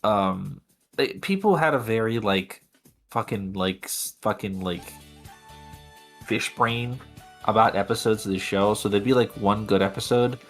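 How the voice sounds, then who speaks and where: A man's voice: lowish voice, measured pace, faint music behind. A man co-hosting a podcast in casual chat, laughing often, swearing freely and rambling with fillers. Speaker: podcast co-host.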